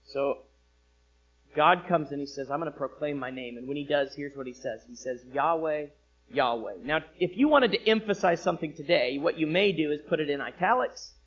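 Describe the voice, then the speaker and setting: A man preaching a sermon as pastor, with expressive delivery that rises for emphasis and drops low. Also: normal speed, muffled recording. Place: church sanctuary.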